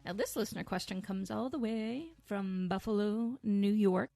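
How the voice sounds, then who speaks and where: A woman's voice: medium pitch, measured pace, vocal fry, few pauses, mellow, no room sound. A woman hosting a dating advice podcast, talking in a casual, playful way and often breaking into giggles. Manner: playful, self-amused humor.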